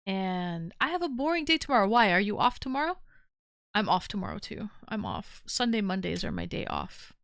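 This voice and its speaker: A woman's voice: mid-range voice, a bit bright, clear, resonant tone, no echo, clean studio sound. A tired woman hosting a livestream call-in show, chatting casually and playfully teasing her callers. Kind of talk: casual chat.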